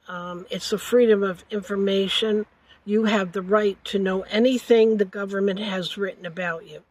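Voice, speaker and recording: An older woman recounting a family story in an interview, halting and correcting herself as she goes. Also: medium pitch, fairly even intonation, darkish tone, no echo, low-quality recording. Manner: halting, with frequent hesitations and self-corrections.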